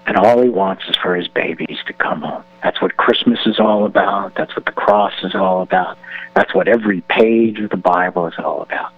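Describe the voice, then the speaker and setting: A man speaking earnestly about faith and leading a prayer, often dropping to a hushed, heartfelt tone. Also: sits low, highs cut off. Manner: earnest, drops to a hushed whisper when voicing Jesus. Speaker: guest actor and filmmaker. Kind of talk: devotional talk and prayer.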